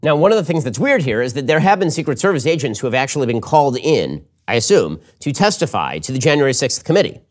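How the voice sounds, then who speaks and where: A man hosting a political commentary show, talking fast and emphatically in an opinion monologue. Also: mid-range voice. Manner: animated, quick, emphatic.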